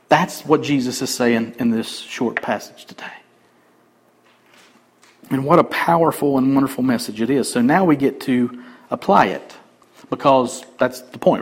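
A pastor preaches an emphatic sermon, swinging between loud declarations and quiet asides. His voice is on the high side, and the audio is poor.

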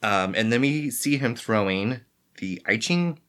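Woman, podcast co-host, casual chat, rambling, joking, extremely low voice. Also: animated, unhurried, fairly bright tone. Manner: rambling, joking, full of "like" asides.

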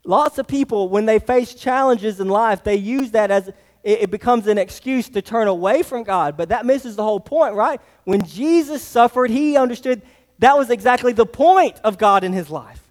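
A man's voice: high-pitched, moderate pace. A man preaching a sermon as a pastor, emphatic, repeating his phrases and putting rhetorical questions to the congregation. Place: church sanctuary. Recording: long reverb of a church hall.

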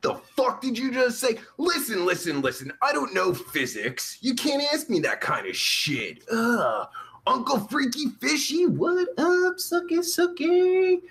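A vulgar, boastful pimp, as a man puts him on, rambling through a comedy rant with a sore throat. His high voice leaps up and down in pitch. He talks slowly, in a bright, sharp tone. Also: big pitch swings, vocal fry, exaggerated voice. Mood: sleazy. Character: crude sleazy adult male pimp, rude and boastful. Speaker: live-stream comedy host in character. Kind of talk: improvised live-chat comedy rant.

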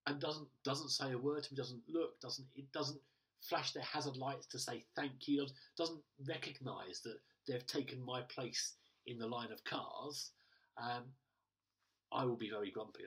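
Male pastor, conversational sermon, husky tone, picked up at a distance. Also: mid-range voice, a little slow, a bit bright. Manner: chatty, with acted-out asides and many fillers. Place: church.

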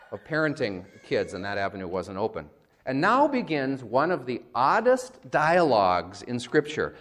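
A man preaches a sermon in a relaxed, wry, conversational way. His voice sits at a medium pitch but rises and falls widely. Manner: conversational, wry, acts out quotes. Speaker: pastor.

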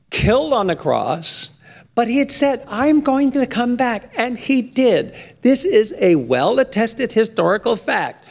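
A man preaching a sermon, with emphatic stress that climbs high on key points. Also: creaky. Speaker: pastor.

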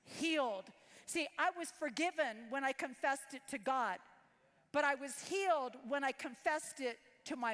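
High-voiced woman preaching in a reverberant hall. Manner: storytelling, acts out voices, turns hushed and tearful when emotional. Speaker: pastor. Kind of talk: sermon with personal story.

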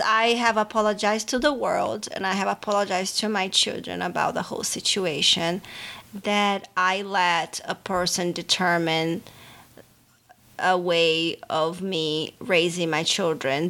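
A woman's voice: fairly low pitch, vocal fry, bright, forceful tone. A middle-aged woman whose first language is Portuguese, co-hosting a podcast in earnest, motherly casual chat. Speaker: podcast co-host.

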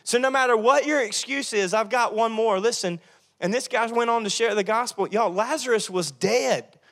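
A man preaching a sermon to his church, animated and joking, acting out Bible figures in funny voices. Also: very high voice, moderate pace. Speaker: pastor. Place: church sanctuary.

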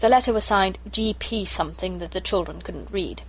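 A woman narrating a classic children's story in a measured, clear storytelling manner. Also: medium pitch, low-quality recording.

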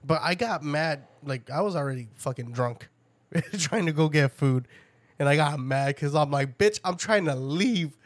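A man's voice: fairly high pitch, normal speed, no room sound. A man in casual chat, telling crude stories with lots of laughter and acted-out quotes. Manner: crude, laughing storyteller who acts out quotes.

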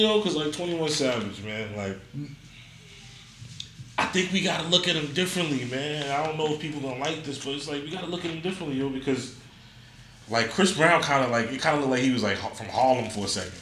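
A laid-back man riffs in slangy, laughing banter, spinning stories as he goes. The room is roomy and echoey, with a faint hum of noise underneath. His voice sits at an ordinary middle pitch. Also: fast talker. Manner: slangy, laughing, animated storytelling. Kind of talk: casual banter.

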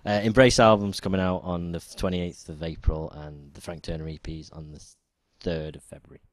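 Deep-voiced man co-hosting a podcast. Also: level tone, a little fast, dry recording. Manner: hesitant, many ums while running the topics. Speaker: podcast co-host. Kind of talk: casual podcast chat.

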